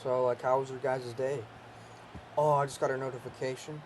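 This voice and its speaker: A man's voice: mid-range voice, brisk, slight background noise. Young man swearing over a football game. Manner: joking, swearing, excitable outbursts. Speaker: gaming channel host. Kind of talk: casual gameplay commentary.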